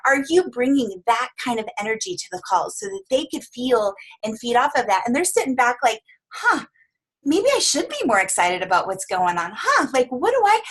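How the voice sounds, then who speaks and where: A fairly high-pitched woman leads a coaching workshop. She sounds upbeat and encouraging, and she slips into quick voices of clients as she teaches. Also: slightly rough. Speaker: coaching trainer. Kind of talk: training talk to coaches.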